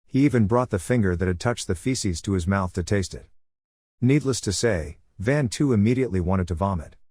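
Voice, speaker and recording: Guy narrating a recap, lowish voice, flat even read, dry close mic. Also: brisk, husky, no echo.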